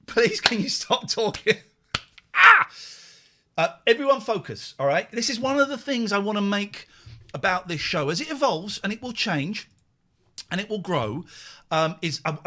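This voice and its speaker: Lively, bright-voiced male phone-in host. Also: high voice. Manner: jokey, teasing, chatty with callers. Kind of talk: casual live phone-in chat.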